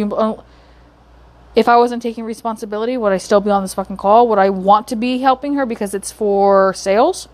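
A woman's voice: mid-range voice, fairly even intonation, a little fast. A young woman working as a call center agent, venting in a heated, profane rant about a bad call and her team lead. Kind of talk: ranting vlog.

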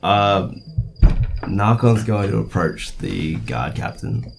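A man's voice: on the low side, very animated, slow, creaky. A man playing a tabletop game, talking hesitantly with fillers and laughing now and then. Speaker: player. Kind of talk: casual tabletop play.

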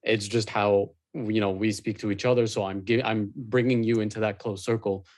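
A man co-hosting a casual podcast, joking and exaggerating in quick banter. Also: lowish voice, fairly even intonation, a little mellow, no echo, clean studio sound. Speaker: podcast co-host.

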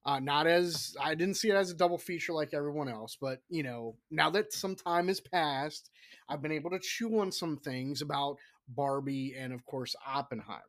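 Gravelly rambling podcast host. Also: male voice, fairly high pitch, moderate pace. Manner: rambling and profane, with hushed whispered asides. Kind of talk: casual solo horror podcast talk.

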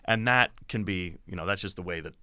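A man who directs and teaches acting, giving animated, explanatory answers in an interview. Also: low-pitched, fairly quick, smooth, no echo.

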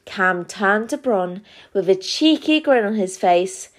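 Unhurried woman reading a children's story. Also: medium pitch, animated.

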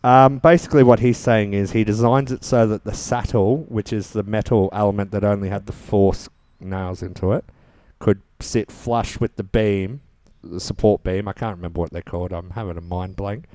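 Smooth, dry-voiced podcast host. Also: male voice, fairly low pitch, steady tone, normal speed, a little mellow, no room sound. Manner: explanatory, wry. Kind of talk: casual podcast recap.

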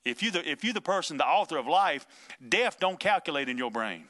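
A man's voice: a little high, very animated, fairly quick, pushed and bright. A man preaching a casual podcast sermon as pastor, folksy and emphatic, with plain vernacular and chuckles between points.

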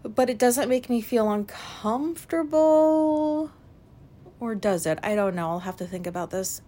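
A woman hosting a solo podcast, talking frankly and questioning herself, swearing freely and filling pauses with likes and ums. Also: a little high, expressive, dark tone. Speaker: podcast host. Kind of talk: candid solo podcast monologue.

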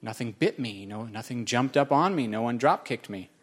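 A man's voice: medium pitch, expressive, moderate pace, breathy edge. A man preaching a sermon, telling a personal story with self-mocking humor and emphatic repetition. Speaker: pastor.

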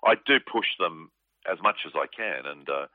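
Deep-voiced man on phone. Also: animated, normal speed, no echo. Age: 40s. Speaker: comedian guest. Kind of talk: casual phone interview. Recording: tinny dry phone line.

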